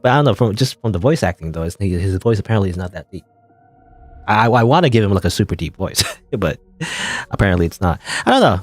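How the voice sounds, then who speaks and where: A man's voice: lowish voice, lively intonation, fast talker. A man giving casual, playful commentary while playing an indie game, rambling and chuckling at the game. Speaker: gamer. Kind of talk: let's play commentary.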